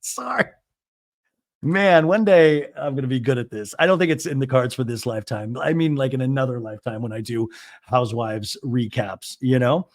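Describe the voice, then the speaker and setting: A man hosting a podcast, giving casual, animated, self-deprecating recap commentary. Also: mid-range voice, a little fast. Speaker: podcast host.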